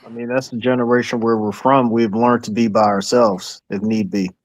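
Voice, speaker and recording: Animated, profane D.C. man. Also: medium pitch, normal speed, dry recording. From Washington, D.C., USA. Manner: profane, animated storyteller who acts out quotes. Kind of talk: casual podcast chat.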